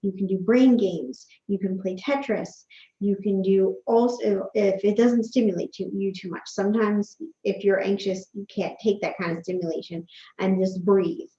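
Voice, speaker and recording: A woman talks through self-care tips in a relaxed, chatty vlog, gentle and reassuring, with a mid-range voice. The sound is roomy and a little dull, as from a quiet home room with a desk mic. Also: medium pitch, moderate pace. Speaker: vlogger giving self-care advice. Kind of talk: casual advice vlog. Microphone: desk microphone.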